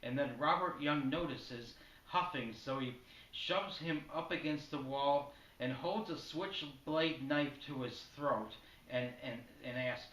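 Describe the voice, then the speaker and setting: A man telling a spoken-word story in a matter-of-fact, deadpan way, heard in an echoey room from a distant mic. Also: mid-range voice, slow pace, muffled recording.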